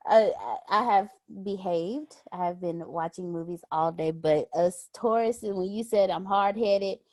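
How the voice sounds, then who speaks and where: A woman's voice: fairly low pitch, unhurried, darkish tone, dry recording. A woman hosting a group call, cheerfully welcoming the next speaker.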